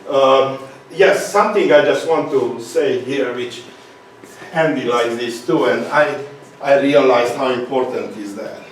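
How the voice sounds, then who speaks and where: A man's voice: mid-range voice, recorded from a distance, a little hiss or hum. Romanian-accented man in echoey hall. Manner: halting, restarts, frequent fillers. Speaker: speaker. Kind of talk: conference talk.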